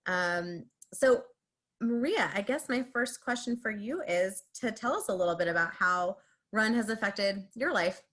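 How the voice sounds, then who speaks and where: A woman moderating a panel on a video call, introducing a guest and asking her questions in a slightly halting way. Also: mid-range voice, lively intonation, a bit bright.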